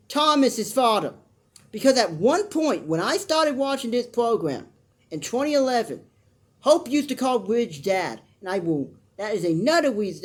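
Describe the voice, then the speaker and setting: A reviewer recapping a soap opera in an easygoing, rambling way, drifting into tangents and restarting sentences. They give blunt opinions and slip into mock voices for the characters. The voice sits at a middle pitch. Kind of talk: casual recap commentary.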